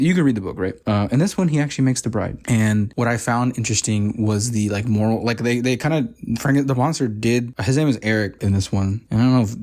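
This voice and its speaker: A man's voice: on the low side, darkish tone. A young man rambling through a casual review of a show, full of fillers, restarts and frequent laughs. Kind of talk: casual video review chat.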